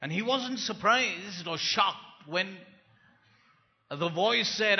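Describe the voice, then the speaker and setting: Slow gravelly preacher in a large hall. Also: male voice, sits high, expressive. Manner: dramatic swings between soft and loud delivery. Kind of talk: sermon. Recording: dull, echoey hall sound.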